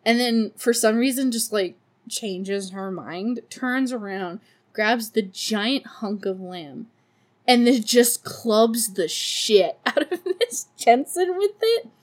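A woman's voice: fairly high pitch, expressive, slow pace. A woman hosting a podcast, recapping a movie in casual chat with sarcastic, profane asides and frequent laughter. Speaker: podcast host.

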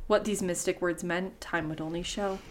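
A woman's voice: on the low side, fairly even intonation, moderate pace, slight background noise. A woman hosting a podcast, reading old-fashioned folktale prose aloud and breaking off now and then for casual, swearing asides.

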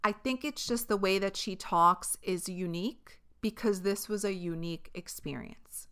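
Speaking at a moderate pace in a clean, slightly bright mid-range voice, a young woman from New York hosts her podcast. Her New York accent carries a frank, chatty solo monologue loaded with fillers and an occasional curse.

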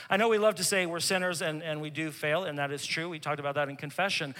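A male pastor preaching an emphatic sermon, repeating key phrases and dropping to a hush for tender moments. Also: a little high, fairly even intonation, fast talker, few pauses, in a large hall.

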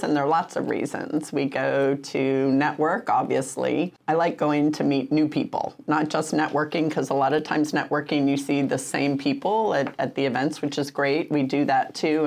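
Low gravelly woman cohosting a podcast, chatty, storytelling, laughs a lot. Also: steady tone, moderate pace, few pauses, darkish tone. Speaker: podcast co-host. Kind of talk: casual chat.

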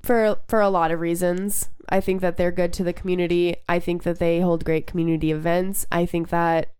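A woman's voice: lowish voice, little pitch movement, brisk, a little mellow, smooth, no room sound. A young woman co-hosting a casual podcast, talking candidly, swearing freely and full of fillers and restarts. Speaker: podcast co-host.

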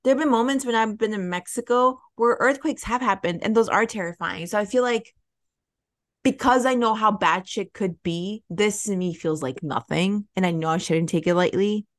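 Chatting casually by a window in her apartment, a Chicago-area podcast co-host spins animated stories in a mid-range voice at a moderate pace. She swears freely and performs the voices of the people she quotes.

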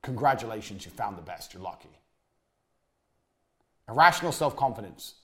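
A man teaching a motivational business course. He talks bluntly, swears, repeats his points for emphasis and lets phrases sink to a low, trailing finish. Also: very animated, normal speed, fairly bright tone. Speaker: course instructor.

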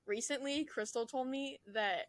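A young woman in college co-hosting a casual podcast chat, animated and laughing, swearing freely. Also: sits high, a little slow, no room sound. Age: young adult. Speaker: podcast co-host.

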